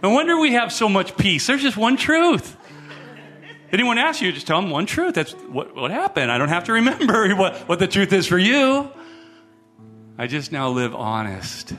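A middle-aged male guest pastor delivers a sermon in a high, bright voice. He talks in lively bursts, stumbles over restarts and acts out the people he quotes. Faint instrumental music plays beneath him. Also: normal speed.

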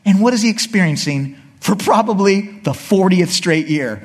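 Husky-voiced man preaching with lively pitch. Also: normal speed, in a large hall. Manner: animated preaching, voices the people and God. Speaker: pastor. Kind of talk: sermon.

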